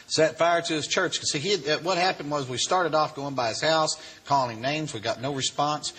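A man's voice: a little high, moderate pace, a little hiss or hum. Folksy man telling a story. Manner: folksy, animated, acts out the voices. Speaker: speaker telling his life story. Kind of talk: storytelling to a live audience.

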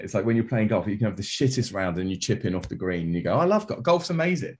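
A man, a podcast guest telling animated anecdotes full of quoted voices. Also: lowish voice. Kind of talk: casual storytelling.

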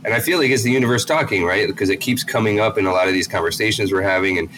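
A man's voice: on the low side, rapid-fire, a bit bright, a little hiss or hum. A man hosting a podcast, talking in a rambling, reflective way with many restarts. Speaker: podcast host. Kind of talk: casual interview chat.

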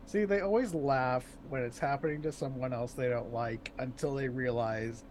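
A man's voice: medium pitch, normal speed, a little mellow, a little hiss or hum. A man co-hosting a podcast, making wry remarks. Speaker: podcast co-host. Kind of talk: casual podcast chat.

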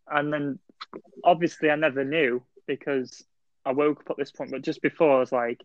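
A man's voice: a little high, flat delivery, moderate pace, no echo. A young man chatting casually on a podcast, telling a long dream story with lots of fillers and restarts. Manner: rambling storyteller with many fillers. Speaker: podcast co-host. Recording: dull, dry lo-fi sound.

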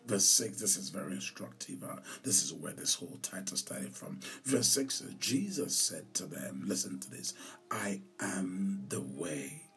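Male pastor, podcast sermon; deep gravelly voice, slow emphatic delivery, soft music behind. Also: lively intonation, recorded from a distance. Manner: slow, emphatic, repeats lines, drops to whispers for emphasis.

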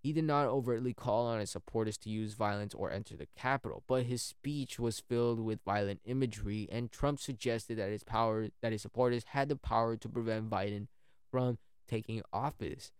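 A man's voice: lowish voice, fairly quick, clean tone, dry recording, clean studio sound. A man narrating history in a casual way, often stumbling and correcting himself.

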